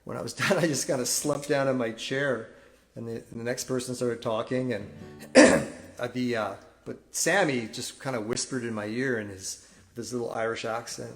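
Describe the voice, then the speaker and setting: A man's voice: mid-range voice, soft background music. Reflective man telling a confessional story. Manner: reflective and confessional, halting with restarts. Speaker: singer-songwriter streaming a live concert. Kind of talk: candid storytelling between songs. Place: at home. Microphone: phone, wearing headphones.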